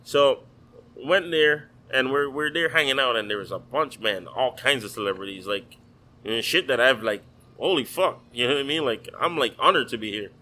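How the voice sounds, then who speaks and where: Man from the virgin islands, bright tone, casual chat, swears a lot, lots of fillers. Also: mid-range voice, normal speed, poor audio. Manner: profane, loose storytelling with many fillers. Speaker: chef.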